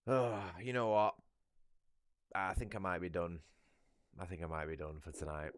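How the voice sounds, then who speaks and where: A man's voice: sits low, lively intonation, moderate pace, no echo. A British man chatting casually on a livestream, ranting with heavy swearing. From United Kingdom. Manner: profane, ranting.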